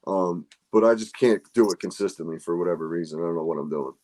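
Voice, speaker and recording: Low-pitched and quick, a man hosts a golf podcast where he spins stories in relaxed conversation. His delivery is lively, and he swears freely throughout.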